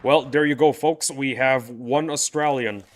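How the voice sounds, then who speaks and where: A man's voice: mid-range voice, fairly even intonation, measured pace. A man livestreaming a game, chatting casually with his viewers in a playful, rambling, teasing way. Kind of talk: casual chat with live viewers.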